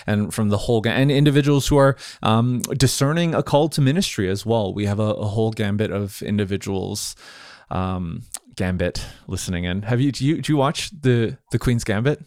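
A man hosting a podcast on church leadership, chatty and quick to laugh, often restarting his sentences. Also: fairly low pitch, darkish tone, dry recording, studio quality. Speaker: podcast host. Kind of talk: casual podcast discussion.

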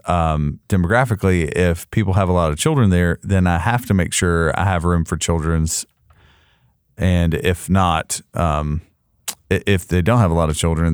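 Low smooth voiced guy on a podcast, lots of ums, frank takes. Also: dry recording, clean studio sound. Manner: thinks aloud with many fillers, frank opinions. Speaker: podcast co-host. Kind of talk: casual podcast chat.

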